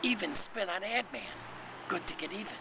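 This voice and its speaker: A man's voice: high-pitched, animated, normal speed, creaky. A man telling a poetic story in a dramatic, swooping, word-playing way, recorded with noise behind.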